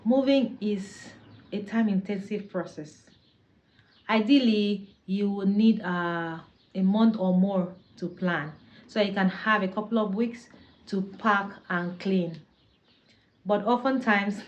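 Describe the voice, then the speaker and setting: A young woman talks straight to her viewers in a sassy, chatty vlog voice, quick to laugh. Her pitch sits in an ordinary middle range. The recording is a little dull and lo-fi. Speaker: vlogger. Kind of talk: casual talking-to-camera tips.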